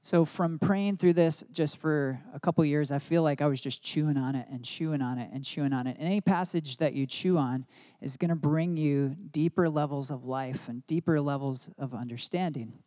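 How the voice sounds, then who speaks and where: A man's voice: on the high side, normal speed, dark tone. A married man giving an earnest devotional Bible teaching, mixing reflection with spoken prayer declarations. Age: adult, married. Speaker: preacher.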